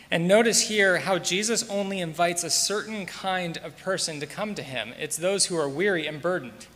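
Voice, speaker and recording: Male pastor, measured sermon delivery with repeated words, bright tone, long church reverb. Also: fairly high pitch. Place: church sanctuary.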